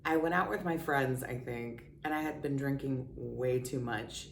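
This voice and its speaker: A woman's voice: very deep voice, moderate pace, gravelly, a little hiss or hum. A woman vlogger telling a personal story in a candid, chatty, self-mocking way. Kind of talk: casual confessional storytelling. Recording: roomy sound, distant from mic.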